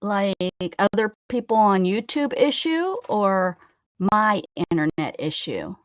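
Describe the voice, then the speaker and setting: A woman's voice: mid-range voice, very animated, takes it slowly, no echo, highs cut off. A woman hosting a casual art livestream from her craft table at home, chatting with viewers and greeting them by name.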